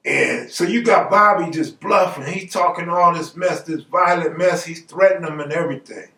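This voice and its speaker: A man with a fairly high voice tells true stories in a loose, slangy way and acts out the voices of the people in them. He sounds a little away from the mic. The room adds a noticeable echo. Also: normal speed, fairly bright tone. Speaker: storyteller host. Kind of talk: casual true-story telling. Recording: roomy, distant mic.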